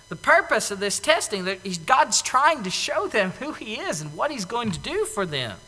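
A man preaching a sermon, animated, acting out the voices of the people in the story. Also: high voice. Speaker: pastor. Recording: echoey hall.

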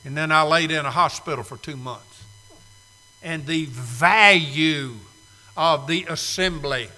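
Bright-voiced preacher in an echoey church. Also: male voice, a little high. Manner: emphatic, repeats key phrases, mimics complainers. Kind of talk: sermon. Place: church sanctuary, live congregation.

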